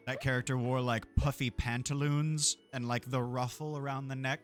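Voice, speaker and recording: Male streamer, mid-pitched, casual and sweary, faint game music behind. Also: little pitch movement, normal speed, hardly any pauses. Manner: profane, rambling, laughs often. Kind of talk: casual gameplay chat.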